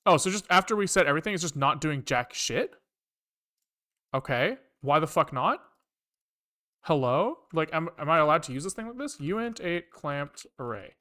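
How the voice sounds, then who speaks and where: Streamer live-coding and thinking aloud, mid-pitched, animated intonation, swears freely at bugs. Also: moderate pace. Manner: muttering code aloud, frequent frustrated swearing.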